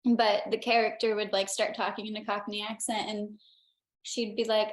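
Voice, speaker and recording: A woman's voice: mid-range voice, level tone, moderate pace. A young adult woman, an actor being interviewed, answering casually and hesitantly with many restarts and fillers. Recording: roomy echo.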